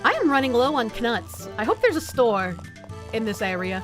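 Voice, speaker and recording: A woman streamer commentating casually on a game, reacting quickly and swearing freely. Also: a little high, very animated, music in the background.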